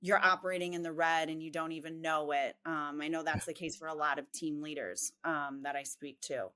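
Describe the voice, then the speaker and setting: A woman's voice: low-pitched, fairly even intonation, a little fast, sharp tone, clean tone. A woman from Chicago with a light Chicago accent, an upbeat, direct interview guest who laughs easily. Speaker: real estate coaching head.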